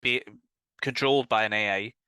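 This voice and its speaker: A man with a Northern Irish accent, co-hosting a casual podcast chat with relaxed, dry remarks. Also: fairly low pitch, normal speed, clean tone, dry recording. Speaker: podcast co-host.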